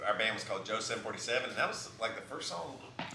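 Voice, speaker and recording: A man with a gravelly baritone talks very fast and with lively intonation, spinning rambling, self-mocking stories onstage between songs at a live music venue. He's picked up by a stage vocal mic, and the recording sounds roomy, with loud music and background noise.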